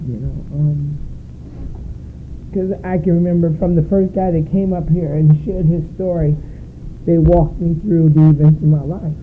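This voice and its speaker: A woman sharing her story at a recovery meeting, emotional and searching, often halting. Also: sits low, steady tone. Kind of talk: personal share at a meeting. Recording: tinny phone-like recording with faint noise.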